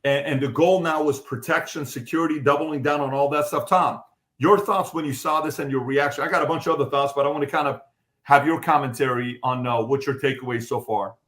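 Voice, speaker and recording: A man's voice: on the high side, fairly even intonation, a little fast, a bit bright, roomy sound. A man hosting a podcast panel, talking urgently and emphatically as he leads the discussion. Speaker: podcast host.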